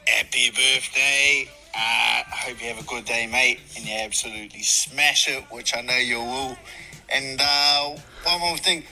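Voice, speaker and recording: Slow bright-voiced cheeky man. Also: medium pitch, gravelly, faint music behind. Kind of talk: recorded birthday message.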